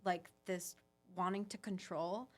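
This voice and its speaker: A woman's voice: fairly low pitch, steady tone, a little slow. Earnest woman spa owner chatting. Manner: earnest, storytelling with many fillers. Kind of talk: casual podcast chat.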